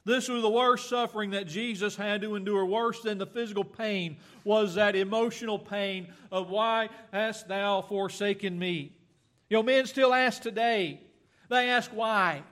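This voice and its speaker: Male preacher, high voice, earnest sermon delivery, scripture reading, occasional fillers. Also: steady tone, a bit bright. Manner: slow, earnest, with fillers and self-corrections.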